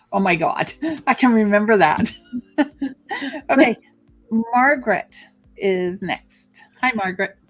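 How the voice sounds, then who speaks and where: Chatty higher-voiced woman reading comments. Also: expressive, slow, pauses often. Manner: chatty, reads viewer comments aloud, laughs easily. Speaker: co-host psychic reader. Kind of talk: live-stream card reading, reading out comments.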